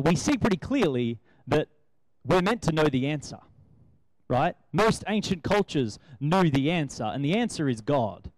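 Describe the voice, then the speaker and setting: A man's voice: fairly high pitch, no room sound, rough recording. Man preaching a casual sermon. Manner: conversational, asks the listeners rhetorical questions.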